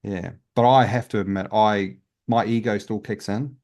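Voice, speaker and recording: A man's voice: lowish voice, fairly even intonation, normal speed, darkish tone. A man, a guest healer, telling his story in a casual interview in an earnest, open way with many restarts.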